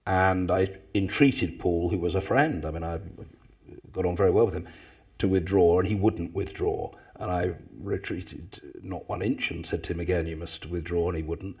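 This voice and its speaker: A man, telling anecdotes to a live audience, with loud mimicking bursts. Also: low-pitched, normal speed, slightly rough. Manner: animated storyteller, mimics others with loud bursts. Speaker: former parliamentary speaker, guest.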